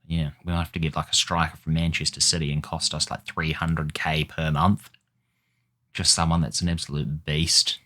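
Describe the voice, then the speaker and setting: A man's voice: rumbling low, flat delivery, moderate pace, pushed and bright. A man giving casual gameplay commentary, exasperated and swearing as he mutters at the game. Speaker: gaming YouTuber.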